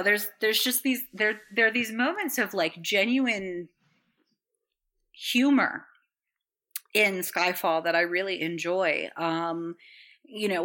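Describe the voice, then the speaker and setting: Bright-voiced woman rambling enthusiastically. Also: on the low side. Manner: rambling, enthusiastic, swears freely, laughs often. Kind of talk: casual chat.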